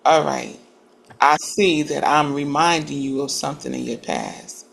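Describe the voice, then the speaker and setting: A woman's voice: low voice, a little slow, vocal fry. A woman in a casual group discussion, making earnest points and building up to them with emphasis.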